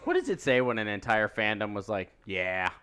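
A man's voice: fairly low pitch, very animated, normal speed, pushed and bright, clear, resonant tone. A man co-hosting a casual fan podcast, enthusiastic and rambling as he explains ideas. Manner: enthusiastic, rambling, restarts often. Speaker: podcast co-host.

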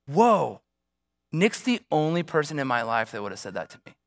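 A man's voice: on the high side, very animated, normal speed. A man preaching as a pastor, telling a personal story in a conversational way and asking the congregation rhetorical questions. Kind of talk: sermon.

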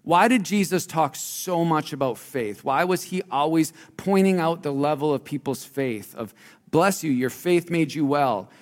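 Guy preaching in a church hall, casual tone, gets loud then drops quiet, big echo. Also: a little high, unhurried. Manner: conversational preaching, swings between loud emphasis and quiet asides. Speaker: pastor. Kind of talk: sermon.

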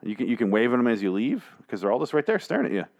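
A man's voice: mid-range voice, sing-song, racing, darkish tone. A man recapping comic chapters in a casual, rambling, sarcastic monologue, swearing freely and slipping into mock voices. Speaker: comic book reviewer.

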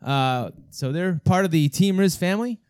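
A man's voice: high-pitched, expressive, moderate pace, darkish tone, smooth, no echo. Jokey male podcast host, dry sound. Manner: loose and joking, stumbles through introductions. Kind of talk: casual chat.

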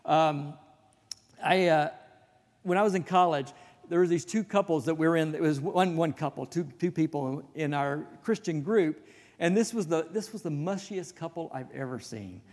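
A man's voice: fairly high pitch, normal speed, a little mellow. A male pastor giving a conversational sermon, telling folksy stories with self-deprecating asides. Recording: long reverb of a hall.

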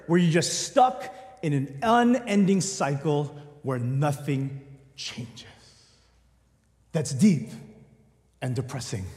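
A man's voice: sits high, in a large hall. A man delivering a sermon in a conversational way, speaking directly to his congregation. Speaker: pastor.

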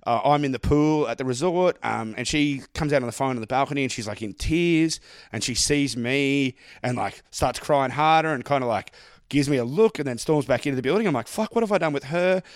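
A man's voice: mid-range voice, a little fast, dry recording, studio quality. A man with an Australian accent, co-hosting a podcast and telling a sweary anecdote in casual chat. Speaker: podcast co-host.

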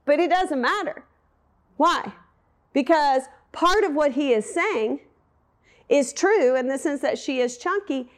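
Middle-aged woman preacher, slightly high voice, chatty storytelling sermon delivery. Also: a little mellow. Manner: storytelling, southern "y'all", conversational with fillers.

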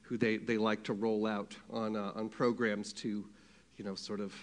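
A man preaching a sermon, asking his congregation questions and swinging between loud emphasis and hushed, quiet passages. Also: lowish voice, flat delivery, normal speed. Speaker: pastor.

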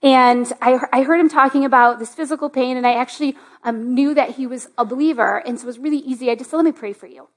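A woman pastor giving a sermon in a church, telling a personal story in a chatty way with lots of "like", often rising into excitement. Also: high voice, fast, few pauses. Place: church sanctuary.

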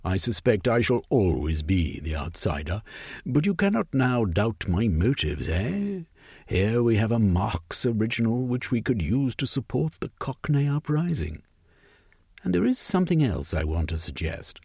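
A man's voice: on the low side, very animated, a little slow, gravelly, darkish tone, husky, dry recording, clean studio sound, pitched above the performer's own voice, exaggerated voice. A man voicing a stubborn, scheming male political agitator who ends his points with a questioning eh in an audiobook story. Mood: rousing. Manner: tags statements with a questioning eh.

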